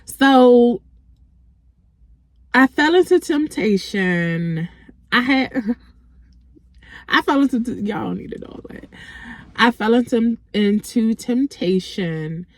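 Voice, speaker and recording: A woman vlogger telling a personal faith testimony in a halting, reflective way, with frequent restarts. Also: a little high, animated, no echo, clean studio sound.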